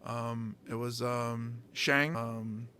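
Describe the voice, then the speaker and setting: A man's voice: mid-range voice, steady tone, drawn-out words, pushed and bright, a little hiss or hum. A man hosting a casual talk, telling long rambling stories with lots of fillers and restarts. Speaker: podcast host and stand-up comedian. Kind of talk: casual storytelling chat.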